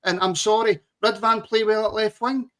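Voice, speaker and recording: A man co-hosting a podcast, talking in an eager, animated way. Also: sits high, normal speed. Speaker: podcast co-host. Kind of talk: casual chat.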